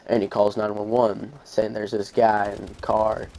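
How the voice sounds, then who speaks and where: A man's voice: on the low side, level tone, moderate pace, a little mellow, poor audio. A young man, telling a long story casually over gameplay, rambling with fillers and restarts. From Arkansas, USA. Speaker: gaming channel host.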